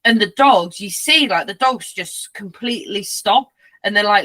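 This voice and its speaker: A woman's voice: medium pitch, expressive, moderate pace, bright, forceful tone. A young woman hosting a casual chat, telling stories and acting out quotes. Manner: chatty, acts out quotes in voices. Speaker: host.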